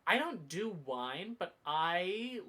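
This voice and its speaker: Lively, rambling livestreamer chatting with viewers. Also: medium pitch, slow. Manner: rambling, playful, with mock outrage and self-interruptions. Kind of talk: casual stream chat with viewers.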